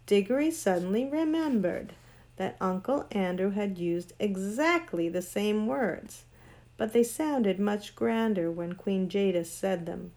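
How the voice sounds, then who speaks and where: A woman's voice: mid-range voice, darkish tone. Woman reading a storybook aloud. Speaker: narrator.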